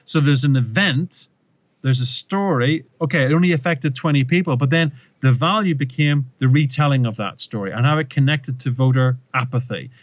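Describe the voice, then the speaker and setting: A male presentation coach talks through a story with emphasis, stumbling and repeating words as he builds his points. His pitch sits in the middle of the range. The audio is dull and dry, as if it were a muffled close mic. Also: moderate pace, no echo. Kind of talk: animated interview storytelling.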